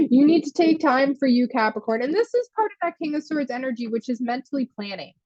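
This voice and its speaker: Chatty higher-voiced woman reading tarot. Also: animated, normal speed, darkish tone, no echo, lo-fi sound, faint music behind. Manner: chatty, laughs often, answers viewer comments. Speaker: tarot reader. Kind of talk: live-streamed tarot reading.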